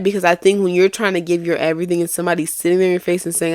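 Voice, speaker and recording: A woman's voice: on the low side, flat delivery, rapid-fire, darkish tone, dry recording, clean studio sound. A young woman hosting a faith-based podcast, telling a personal story in an earnest, confessional way, often restarting her sentences. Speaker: podcast host.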